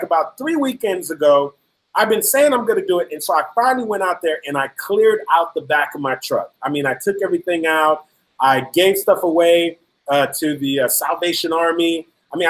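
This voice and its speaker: A man's voice: high voice, fairly bright tone, poor audio. A middle-aged man giving an emphatic motivational talk, telling a personal story and repeating key phrases for effect. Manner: emphatic, repetitive, storytelling with acted-out quotes. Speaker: motivational speaker.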